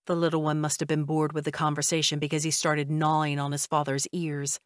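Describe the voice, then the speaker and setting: Low, dry-voiced woman narrating an audiobook. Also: little pitch movement, a little fast, hardly any pauses, no room sound. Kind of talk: scripted first-person narration.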